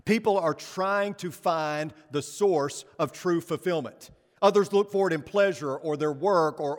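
A fairly high-voiced male pastor delivers a storytelling sermon. He poses rhetorical questions and slows down to stress key words. A long reverb trails his voice through a church sanctuary.

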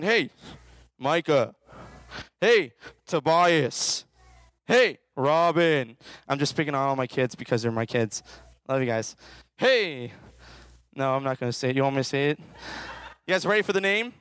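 A man's voice: on the high side, animated, a little fast, fairly bright tone, smooth, no echo. A man, a children's minister, preaching a playful sermon and calling on the audience to answer and repeat after him. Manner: playful, calls out for audience participation.

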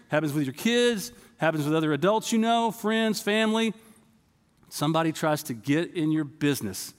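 Give me a male pastor preaching conversationally, with a long reverb from the church hall. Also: high voice. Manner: storytelling, conversational, addresses the congregation directly. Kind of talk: sermon. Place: church sanctuary.

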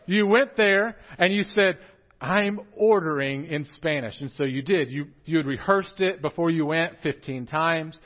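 A young man with a drawl preaches in a church, chatting and joking with his congregation. His voice sits a touch high. The recording is muffled and lo-fi. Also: moderate pace, hardly any pauses. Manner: joking, animated, talks straight to the congregation. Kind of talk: casual sermon with humor. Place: church sanctuary.

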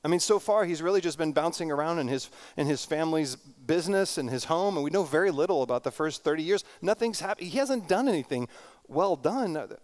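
A middle-aged man, a pastor, preaching a sermon in an earnest, reflective way, slowing down for emphasis and often repeating words. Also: fairly high pitch, animated, a little mellow.

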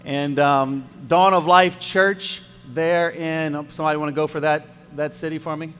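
Cajun pastor preaching in a reverberant hall. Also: male voice, a little high, steady tone, normal speed, fairly bright tone, smooth. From Louisiana. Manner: conversational, with frequent restarts and asides to the congregation. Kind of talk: sermon.

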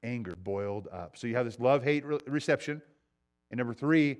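A man's voice: medium pitch, animated, a little fast. A male pastor preaching a sermon with a mid-range voice. His delivery is conversational. He acts out quoted voices and repeats key lines for emphasis.

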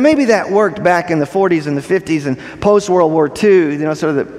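A male pastor delivers a sermon in a fairly high voice, leaning hard on key phrases and repeating them. He checks in with the congregation through questions as he goes. The sound carries a long reverb from the sanctuary.

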